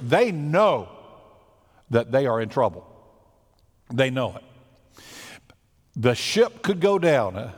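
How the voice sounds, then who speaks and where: A man's voice: a little high, big-room sound. A man preaching a sermon as pastor, talking in a conversational, storytelling way and acting out the quotes he tells.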